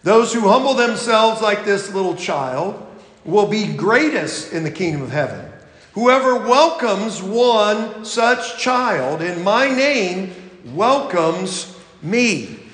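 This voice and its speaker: Slow, deliberate high-voiced male pastor. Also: sing-song, fairly bright tone, echoey room, big-room sound. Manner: slow, deliberate scripture reading. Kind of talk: sermon.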